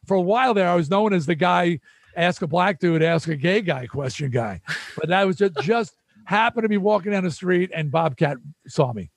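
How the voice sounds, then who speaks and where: A high-voiced older man from New York, talking at normal speed with some vocal fry, shares stories as a musician guest in an easygoing chat. He's animated and performs quoted speech in character voices, with no room sound.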